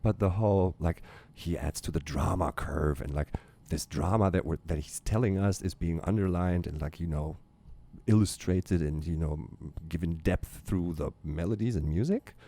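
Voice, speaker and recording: A middle-aged German man, a native speaker with a German accent, chats excitably as a guest on a reaction video, rambling and swearing casually. His voice is low and his pace normal.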